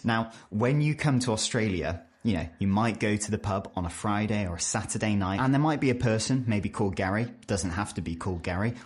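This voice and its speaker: A British man in his twenties, talking casually to camera as a vlogger and telling stories with lively jumps in pitch. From United Kingdom. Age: 20s. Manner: animated storytelling, pitch jumps for quoted voices.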